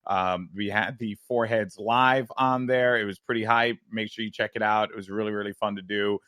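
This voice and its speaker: A man's voice: fairly low pitch, moderate pace, no room sound, clean studio sound. A man co-hosting a podcast, doing plugs and joking around in casual chat. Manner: lively, jokey, reads out plugs. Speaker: podcast co-host.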